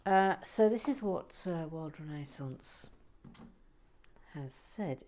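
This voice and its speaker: A woman hosting a relaxing building video, talking softly with dry teasing humour, often close to a whisper, on a close mic. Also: mid-range voice, very animated, unhurried. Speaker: host.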